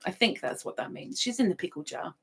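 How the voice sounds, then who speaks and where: A middle-aged woman runs a casual livestream, reading chat messages and teasingly repeating names in a sing-song. Her mid-range voice is expressive, brisk, husky and fairly bright.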